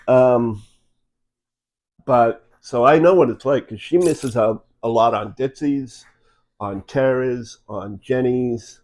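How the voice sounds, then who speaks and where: A man's voice: mid-range voice, takes it slowly, pauses often, a little mellow. Rambling, easygoing man co-hosting. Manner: rambling, conversational, with fillers like "you know". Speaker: co-host. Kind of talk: casual chat. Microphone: phone.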